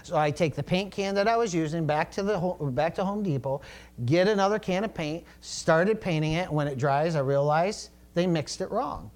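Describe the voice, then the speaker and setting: Middle-aged man, pastor, chatty sermon, story-driven, slightly high voice. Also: moderate pace, a little mellow. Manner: conversational storytelling preaching with asides.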